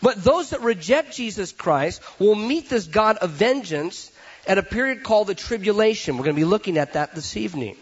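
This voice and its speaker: A male pastor preaching with a high, husky voice that swings up and down with energy. He acts out quick comic voices to make his point. The recording is dull and lo-fi. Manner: animated preaching that acts out little voices for laughs. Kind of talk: sermon.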